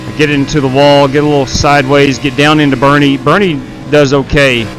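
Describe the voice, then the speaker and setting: A man's voice: on the high side, level tone, brisk, music in the background. Candid male sim-racing stream host. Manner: candid, self-blaming, talks as he rewinds replays. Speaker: stream host and league race director. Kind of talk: casual live race commentary.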